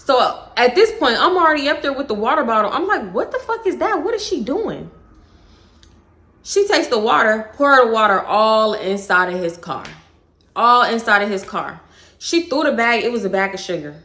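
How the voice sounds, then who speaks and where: Woman, Texas accent, casual storytime vlog, bright voice, animated, profane. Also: on the high side, normal speed. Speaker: vlogger.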